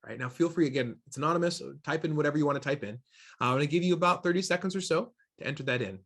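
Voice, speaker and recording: On the high side and a bit bright, this man's voice races as he runs an online diversity workshop from Seattle, USA. The trainer talks into a computer mic, emphatic and peppering his audience with questions.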